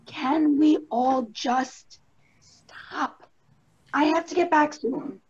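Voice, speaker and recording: A woman's voice: sits high, very slow, a little mellow, highs cut off. Woman playing a tired working mom on a call. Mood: weary. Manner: patient peacemaker, tired. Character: weary working mother on lunch break.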